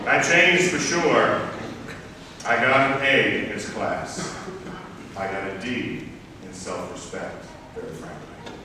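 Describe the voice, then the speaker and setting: A man's voice: medium pitch, takes it slowly, pauses often, heavy background noise. A man from Southern Maryland preaching a sermon, telling a personal story in a wry, reflective way. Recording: echoey hall, picked up from far off.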